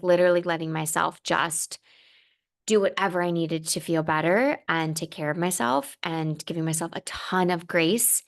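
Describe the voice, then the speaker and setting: Young female podcast host, low and gravelly, earnest and rambling solo talk. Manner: earnest, heartfelt, rambling with fillers and restarts. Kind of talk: reflective solo podcast monologue.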